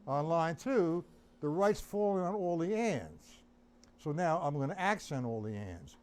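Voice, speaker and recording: A man's voice: on the high side, very animated, measured pace, faint music behind. A man giving a drum lesson on a live stream, counting beats aloud and asking viewers by name whether they follow. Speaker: drum teacher. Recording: loud drumming behind the voice.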